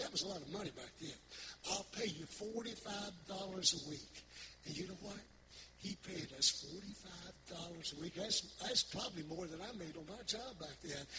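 Older pastor with a high voice. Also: male voice. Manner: folksy storytelling with repetitions. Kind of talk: sermon testimony. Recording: loud background noise.

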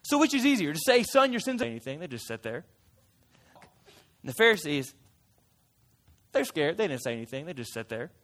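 A man's voice: on the high side, very animated, brisk, long pauses, a bit bright. A man playing a chatty fisherman disciple. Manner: chatty and playful, with laughs and side remarks. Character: folksy fisherman disciple retelling his memories. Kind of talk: first-person character storytelling to a church group.

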